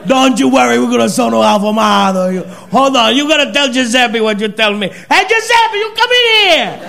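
A comedian putting on the voice of an excitable Italian restaurant waiter who keeps pushing food. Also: male voice, very high-pitched, fairly quick, gravelly, a faint crowd, heavily acted. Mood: excited. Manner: excited, insistent.

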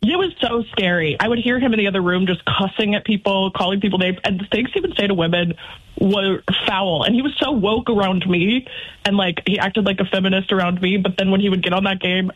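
A woman phoning in to a radio show, earnest and animated as she tells her story. She has a mid-range voice. It comes through a dull, lo-fi phone line. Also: medium pitch, brisk. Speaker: caller. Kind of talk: phone-in call.

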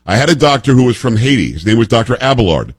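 A man's voice: mid-range voice, sing-song, quick pace, slightly rough, no echo. A man in his fifties hosting political commentary, emphatic and sarcastic, firing off pointed rhetorical questions. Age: 50s.

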